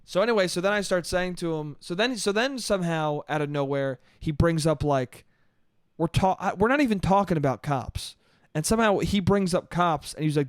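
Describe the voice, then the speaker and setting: On his solo comedy podcast out of New York, a man tells a story as an exasperated rant, cursing openly and repeating "dude." His high voice has lively intonation and a fairly quick pace, and the close, dry sound has no room echo.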